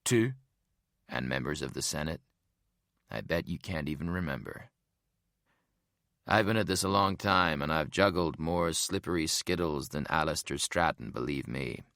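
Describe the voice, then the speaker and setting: Cool, condescending corporate boss, voiced by a male narrator; very low, unhurried delivery. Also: a bit bright, dry recording, clean studio sound. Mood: smug, calm. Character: calm, smug bald male executive.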